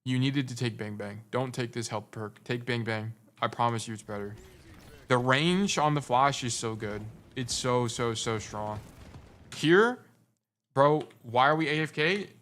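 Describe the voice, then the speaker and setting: A man's voice: mid-range voice, a little slow, fairly bright tone. A young adult man giving casual gameplay review commentary as a coach, blunt and teasing, repeating his points for emphasis. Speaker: game coach.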